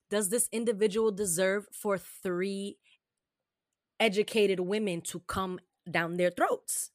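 Woman, blunt, profane, animated storyteller, casual podcast chat, dry sound. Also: mid-range voice, no room sound. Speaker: co-host.

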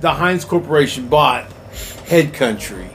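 A man, co-hosting a casual podcast in a slow, laid-back drawl. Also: fairly high pitch, lively intonation, fairly bright tone, slight background noise. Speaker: podcast co-host. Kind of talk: casual stoned chat.

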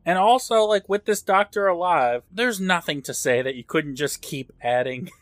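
A man with a bright, sharp voice, co-hosting a podcast with jokey reactions and quick asides. He is recorded close on a dry microphone. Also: high-pitched, expressive, no room sound. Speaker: podcast co-host. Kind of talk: casual chat.

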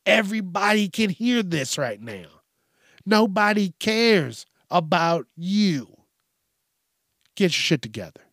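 A man's voice: sing-song, takes it slowly, a bit bright, no room sound, clean studio sound. A man hosting a podcast, ranting casually and profanely about everyday annoyances, with an exasperated tone. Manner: profane, exasperated, mimics people in high voices. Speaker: podcast host.

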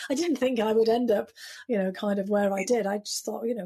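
Husky British woman recounting memories. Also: fairly high pitch, fairly even intonation, moderate pace, dark tone. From United Kingdom. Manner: reflective, storytelling, frequent "you know" fillers. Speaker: guest. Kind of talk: conversational interview.

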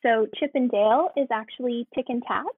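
An American woman working in theme park entertainment, chatting in an interview, self-deprecating and quick to laugh. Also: on the high side, husky, no echo. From United States. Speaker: guest, theme park entertainment cast member. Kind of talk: casual interview. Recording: tinny phone-like line.

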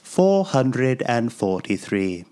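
A man voicing an ancient British man who curates a museum of dust, speaking slowly and drawn out. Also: on the low side, big pitch swings, husky, exaggerated voice. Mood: pompous. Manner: slow, drawn-out delivery.

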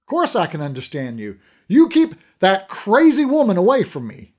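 A man voicing an excitable, indignant modern cop who shouts and panics. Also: sits high, normal speed, pitched above the performer's own voice, exaggerated voice. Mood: defiant.

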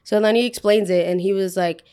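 Young woman host, casual storyteller, animated, voices the people in her story. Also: mid-range voice, fairly quick, smooth. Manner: animated, acts out both sides of a dialogue. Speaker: podcast host.

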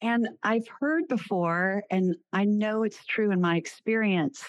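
A woman's voice: medium pitch, unhurried, no echo, dull audio. A woman who is a podcast host and clinician, interviewing a guest in an affirming, reflective way.

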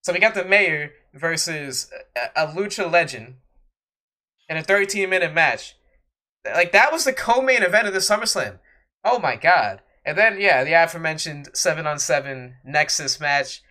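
Guy on a wrestling podcast going off, high bright voice, sarcastic and fed up. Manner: sarcastic, exasperated ranting. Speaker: podcast co-host. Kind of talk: casual wrestling podcast rant.

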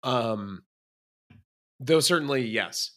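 A man co-hosting a college sports podcast, speaking in a slow, hesitant, agreeable way. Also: mid-range voice, animated, fairly bright tone. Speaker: podcast co-host. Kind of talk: casual sports chat.

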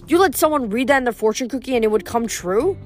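A woman's voice: on the high side, animated, fast talker, soft background music, pitched above the performer's own voice, lightly acted. A woman reading aloud, voicing an alarmed, defensive teenage girl. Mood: protesting.

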